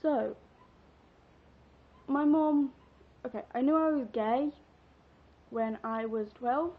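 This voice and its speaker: A woman's voice: sits high, slow pace. Giggly teenage girl vlogging, lo-fi. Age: teens. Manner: chatty, giggly, rambling with fillers. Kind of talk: casual vlog storytelling. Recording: dull lo-fi webcam audio.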